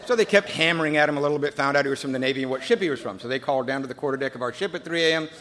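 A man sharing his recovery story at a meeting, a lively storyteller who acts out the other people's voices and goes quiet and earnest when he reflects. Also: mid-range voice, racing.

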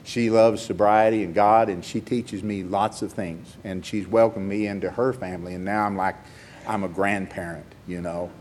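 A man's voice: lowish voice, steady tone, normal speed, a little mellow, slight background noise. An older man giving a personal testimony at a recovery meeting, telling stories in a rambling, heartfelt, self-mocking way.

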